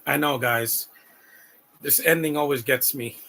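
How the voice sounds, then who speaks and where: A man's voice: mid-range voice, unhurried, vocal fry, pushed and bright. A man giving rambling, heartfelt live commentary on a movie, repeating words as he talks. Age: adult.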